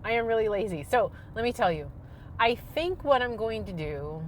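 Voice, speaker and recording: A middle-aged woman, rambling loudly and self-deprecatingly to camera while driving, on a clip-on mic. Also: mid-range voice, animated, moderate pace, a little hiss or hum. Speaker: vlogger. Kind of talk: rambling casual monologue. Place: in her car while driving. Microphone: clip-on microphone.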